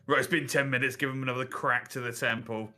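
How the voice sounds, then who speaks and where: A man playing in a tabletop game, jokey and quick to laugh. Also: mid-range voice, fairly even intonation, sharp tone. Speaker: player. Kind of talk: casual tabletop play.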